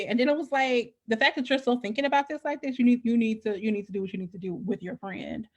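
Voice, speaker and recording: A woman's voice: on the high side, steady tone, quick pace, few pauses. A woman guest talking candidly and casually, swearing freely and restarting her sentences with repeated words. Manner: frank, profane, repeats words as she restarts. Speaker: podcast guest.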